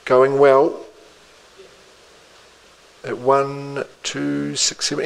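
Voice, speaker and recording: A man working as an auctioneer, calling bids in a rhythmic patter, repeating the figures with quick asides to the room. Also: mid-range voice, fairly bright tone, poor audio.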